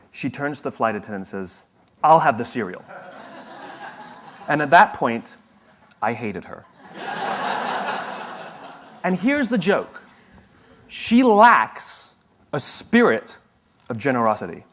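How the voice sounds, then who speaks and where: A man's voice: mid-range voice, fairly bright tone. A middle-aged man gives a motivational talk and drifts into a funny personal story. He pokes fun at himself and often restarts his sentences as he goes. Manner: storytelling, self-deprecating humor, frequent restarts. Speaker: speaker.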